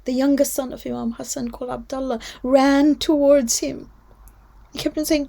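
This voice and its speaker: A woman telling a devotional story to children, heartfelt and earnest. Her voice is mellow and warm and sits fairly high. She often sinks into a hushed whisper. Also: steady tone, normal speed, gravelly. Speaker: storyteller at a children's religious gathering.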